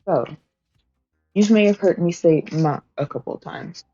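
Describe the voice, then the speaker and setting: A woman with a low, mellow voice teaches her stream chat in a loose, chatty way, full of fillers, laughs and the odd swear. Her speech is slow. The sound is dry and a bit dull, with faint music underneath. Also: slightly rough, dry recording. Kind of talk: casual study-stream teaching.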